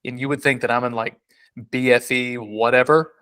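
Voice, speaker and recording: A man's voice: mid-range voice, steady tone, moderate pace, a bit bright, smooth. A man co-hosting a casual podcast, rambling and joking with many restarts. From South Carolina. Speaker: podcast co-host.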